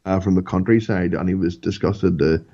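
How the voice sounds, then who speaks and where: A man's voice: low-pitched, steady tone, moderate pace, warm tone, dull audio. A man co-hosting a podcast in casual chat, easygoing and agreeable, a little hesitant. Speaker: podcast co-host.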